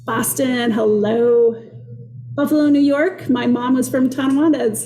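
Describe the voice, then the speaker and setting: A woman's voice: fairly high pitch, steady tone, measured pace, mellow, reverberant, faint music behind. A woman with a Minnesota accent teaching a live online cooking class from her kitchen, chatty and upbeat as she greets viewers. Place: kitchen workspace.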